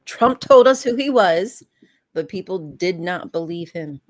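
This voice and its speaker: A woman on a casual podcast panel, driving home her points with a preachy, emphatic delivery. Her voice sits low. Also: animated, measured pace. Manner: emphatic, preachy political commentary. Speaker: podcast co-host.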